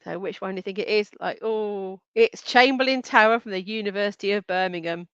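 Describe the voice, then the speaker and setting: A woman's voice: medium pitch, brisk, hardly any pauses, clear, resonant tone, no echo, lo-fi sound. A woman hosting a live online quiz, reading out answer options and names in a chatty way and giggling often. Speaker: quiz host.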